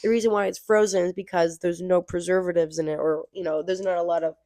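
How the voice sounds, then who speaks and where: A woman's voice: on the low side, steady tone, fast talker, warm tone, dry recording, clean studio sound. A woman co-hosting a casual podcast, telling exasperated stories about customers from her work as a grocery crew member. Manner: storytelling with exasperated retellings of customers. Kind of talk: casual chat.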